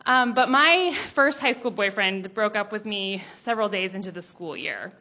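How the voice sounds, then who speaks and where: A young adult woman telling a personal story, animated, laughing often and acting out the people in it. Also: medium pitch, normal speed. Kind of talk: personal story told to an audience.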